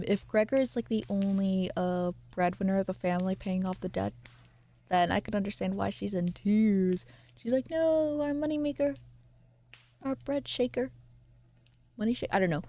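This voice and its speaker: A woman's voice: medium pitch, darkish tone. A young woman streamer reading a novel aloud and chatting with her viewers, with rambling, apologetic asides.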